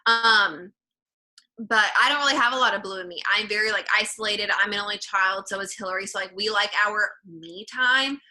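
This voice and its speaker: A woman's voice: medium pitch, moderate pace, bright, forceful tone, poor audio. A woman giving an earnest, encouraging motivational talk to her team, full of "like" fillers. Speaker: team leader.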